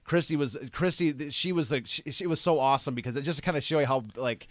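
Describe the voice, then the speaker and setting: A man co-hosting a podcast, telling rambling anecdotes with many restarts and fillers, getting animated and laughing as he tells them. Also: a little high, quick pace, no room sound. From Detroit area. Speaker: podcast co-host. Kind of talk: casual chat.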